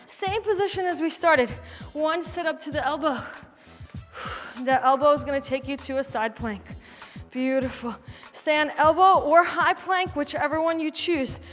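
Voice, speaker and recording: A high-pitched woman leads a kettlebell workout class, calling out counts and cues while she demonstrates the moves. Her voice rings with a long reverb, and faint music plays underneath. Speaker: fitness instructor. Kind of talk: live workout class coaching.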